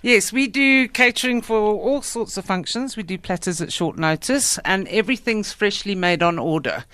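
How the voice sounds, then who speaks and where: A woman's voice: medium pitch, lively intonation, normal speed, a bit bright, no echo. A woman, founder of a food shop, describing her menu as a guest in a radio studio. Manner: friendly, plain, lists menu items. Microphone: studio microphone.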